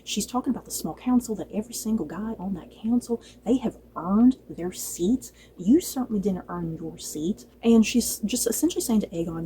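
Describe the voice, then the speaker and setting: A woman casually reviewing a TV episode, chatty and animated, laughing often and acting out lines from the show. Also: medium pitch, moderate pace, hardly any pauses, a little hiss or hum, low-quality recording. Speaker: book and TV reviewer.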